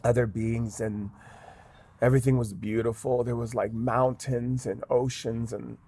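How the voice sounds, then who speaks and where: A man's voice: medium pitch, flat delivery, measured pace, warm tone, husky. A man, a guest shaman in an interview, telling a story earnestly with many fillers. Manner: earnest, with frequent "um" and "like".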